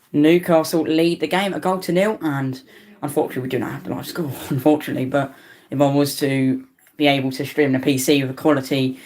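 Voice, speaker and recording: A tired young man in his late teens, giving rambling, stumbling live commentary on a football match as a fan, his voice jumping up in pitch whenever a team attacks. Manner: excitable play-by-play that jumps up in pitch on attacks.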